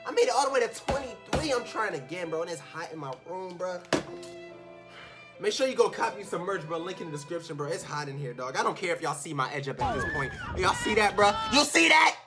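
A man commentating his own video game play in his room, slangy and excitable, swinging from low muttering to loud shouts. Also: fairly quick. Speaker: gaming YouTuber. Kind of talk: live gameplay commentary. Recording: music playing behind.

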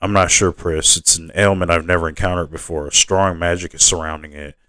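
A man's voice: sits low, fairly even intonation, brisk, bright, forceful tone, no echo, clean studio sound. A man reading aloud and voicing an earnest young male healer who speaks in a mild, hesitant way. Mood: uneasy.

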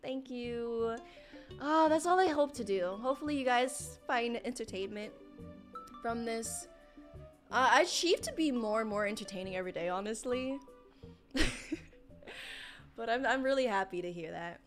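A woman's voice: a little high, expressive, normal speed, long pauses. A young woman streaming a game live, panicking, exclaiming and pleading with the game as she plays. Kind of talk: live gameplay commentary. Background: game music.

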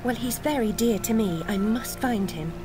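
A woman voicing a brisk, sharp-tongued young heroine in a video game, crisp and haughty. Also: fairly high pitch, natural voice. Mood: curt. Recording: game audio under music.

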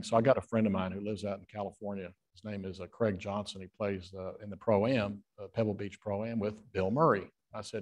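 Low-voiced man telling rambling anecdotes. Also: steady tone. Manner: rambling, with many filler pauses. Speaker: guest author. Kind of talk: anecdotal storytelling on stage.

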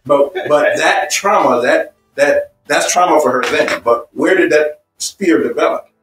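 A man's voice: a little high, unhurried, fairly bright tone, reverberant, recorded from a distance, soft background music, poor audio. A man teaching a marriage seminar in an emphatic, repetitive way, building points with personal stories. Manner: emphatic and repetitive, stacking phrases. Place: seminar room.

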